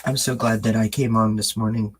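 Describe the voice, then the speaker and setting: A man's voice: fairly low pitch, flat delivery, fairly quick, background noise. A man giving a live-streamed tarot reading, reassuring his viewers and greeting the chat by name. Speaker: tarot reader.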